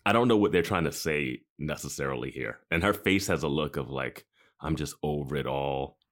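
Man, very deep voice, lively intonation; wry podcast co-host. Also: moderate pace. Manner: wry, joking asides. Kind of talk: casual recap chat.

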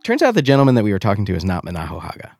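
A man hosting a podcast, explaining a story to his co-host in a deliberate, measured way. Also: lowish voice, huge pitch swings, gravelly, darkish tone, soft background music.

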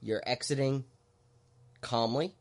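A man hosting a podcast, explaining things in a relaxed, halting way with lots of fillers. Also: medium pitch. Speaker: podcast host. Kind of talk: casual podcast chat.

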